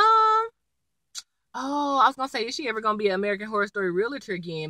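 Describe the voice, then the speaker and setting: A young woman casually recapping a TV episode in slangy, animated chat, acting out the characters' lines as she goes. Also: mid-range voice, fast, no room sound, rough recording. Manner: animated, slangy, acts out quotes. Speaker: TV episode reviewer.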